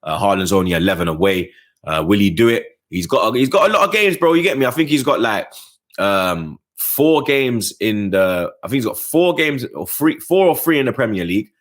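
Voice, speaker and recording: A lower-voiced man runs through the weekend's football in a loose, slangy match review. He talks straight to the listener, keeps checking that they follow him, and his pitch climbs sharply when something matters to him. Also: animated, a little fast, fairly bright tone. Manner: slangy, keeps adding "blood, you get me"; passionate, rising pitch on key points. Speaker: football fan channel host.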